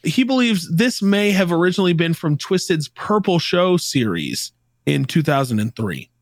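Easygoing guy cohost, kinda high voice, super dry close sound. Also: big pitch swings, normal speed, dry recording. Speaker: podcast co-host. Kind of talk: casual music review chat.

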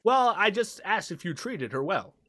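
A man's voice: sing-song, normal speed, sharp tone, no room sound, heavily acted. A man voicing a flamboyant male carnival ringmaster in a showy, theatrical announcer manner. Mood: flustered. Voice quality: high, theatrical showman voice. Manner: grand announcer delivery, prim and flustered.

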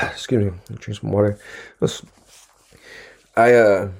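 A man's voice: lowish voice, steady tone, measured pace, creaky. A man talking to the camera in a casual, rambling monologue, laid-back and full of profane slang, his throat a little dry. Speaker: vlogger.

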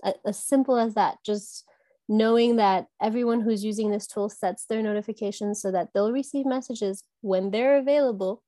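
A woman answering interview questions, thoughtful and halting, with frequent pauses and restarts. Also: mid-range voice, mellow, dry recording. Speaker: guest from an education app company.

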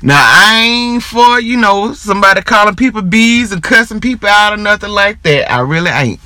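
Animated high-voiced podcast host man. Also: normal speed, dry recording. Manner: animated, laughs hard, drawling asides. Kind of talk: casual chat.

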